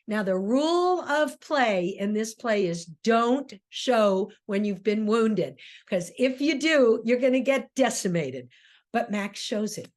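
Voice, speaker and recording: A woman's voice: a little high, sing-song, slow. A woman giving a classroom lecture as a theater director, emphatic and full of rhetorical questions.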